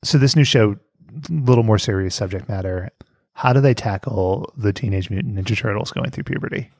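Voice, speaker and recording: A man's voice: on the low side, fairly quick, gravelly, a little mellow, no echo, clean studio sound. A man hosting a comedy podcast, joking and laughing as he talks. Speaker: podcast host. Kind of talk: casual comedic chat.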